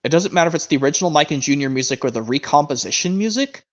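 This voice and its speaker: A young man chats on a stream, circling back and restarting his thoughts as he goes. His pitch sits a little high and swings widely. The audio is muffled and lo-fi. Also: animated. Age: young adult. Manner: rambling, restarts sentences, reads narration aloud slowly. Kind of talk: casual chat.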